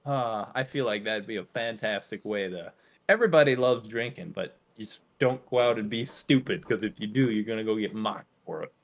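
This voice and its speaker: A young man co-hosting a casual podcast, telling stories in an animated, playful way and slipping into silly voices. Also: lowish voice, a little fast, highs cut off. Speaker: podcast co-host. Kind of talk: casual chat.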